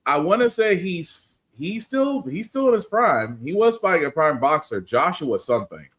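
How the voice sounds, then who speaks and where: A man's voice: on the high side, big pitch swings, normal speed, a bit bright. A man co-hosting a podcast, chatting casually about comics and laughing easily, often restarting his sentences. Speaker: podcast co-host. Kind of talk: casual comic-book review chat.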